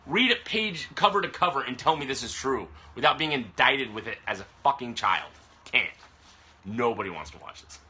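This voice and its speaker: Swearing heavily out of frustration, a man rants at the camera during a phone or webcam live stream recorded on the camera mic. His medium-pitched voice is expressive, bright, and forceful at a normal pace.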